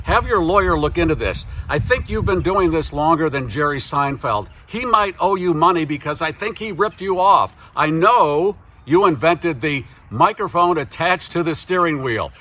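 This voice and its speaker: A man's voice: on the high side, lively intonation, normal speed, few pauses, sharp tone. A man recording a playful congratulatory message, full of jokes and bits of a comic skit. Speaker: guest sending a recorded message.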